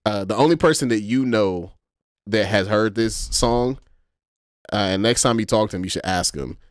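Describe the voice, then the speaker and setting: A man co-hosting a casual podcast, ranting in an animated way with plenty of profanity and laughter. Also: lowish voice, normal speed, clean tone, no echo, clean studio sound. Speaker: podcast co-host.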